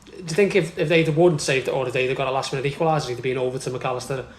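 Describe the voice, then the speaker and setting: A man with a Liverpool accent chatting casually about football as a podcast co-host, ranting and swearing with animated laughter. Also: medium pitch, very fast, reverberant, low-quality recording.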